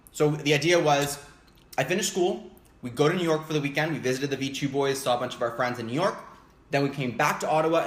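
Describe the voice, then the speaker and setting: A man's voice: medium pitch, a bit bright, echoey room. A young man chatting casually while eating on camera, rambling and laughing easily. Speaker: vlogger. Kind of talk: casual mukbang chat. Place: home basement.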